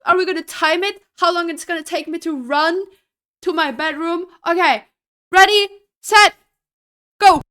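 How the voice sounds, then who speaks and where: A woman's voice: extremely high pitch, steady tone, normal speed, sharp tone. A young adult woman streaming live, chatting casually with her viewers, laughing often and reacting to chat.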